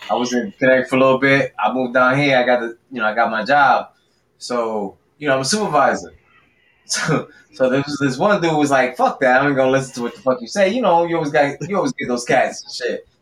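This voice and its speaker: A man's voice: mid-range voice, fairly quick, fairly bright tone, distant mic. A man from New Jersey and New York co-hosting a sports podcast, telling a laid-back story and laughing often. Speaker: podcast co-host. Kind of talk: casual group chat. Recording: roomy, off-mic with faint noise.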